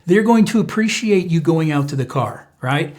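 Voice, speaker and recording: Man with a slightly high voice, chatty. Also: normal speed. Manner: relaxed, conversational, with frequent fillers and restarts. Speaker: parenting channel host. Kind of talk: casual advice talk to camera.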